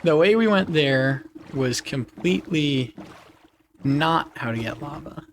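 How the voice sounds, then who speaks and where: A man's voice: fairly high pitch, lively intonation, takes it slowly, slight background noise. A man chatting casually with his viewers on a live game stream, laughing often.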